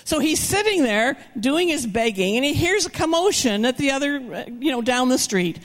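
An older woman preaching with lively, storytelling energy, her voice pitched a bit high. She acts out the people in her stories, swinging from shouts to hushed asides. The sound carries the long reverb of a big hall. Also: moderate pace. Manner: animated, acts out characters with shouts and whispers. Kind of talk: sermon storytelling.

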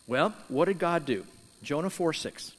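A man preaching a sermon, telling a Bible story with lively emphasis and acting out the characters' words. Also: fairly high pitch, unhurried, big-room sound. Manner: animated storytelling, voicing Jonah and God in quoted lines. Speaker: pastor.

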